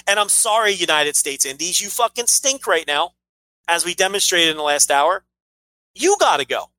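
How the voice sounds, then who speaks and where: A man's voice: high-pitched, animated, normal speed, sharp tone, no echo, poor audio. A man co-hosting a casual wrestling podcast, rambling and blunt, swearing freely. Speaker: podcast co-host.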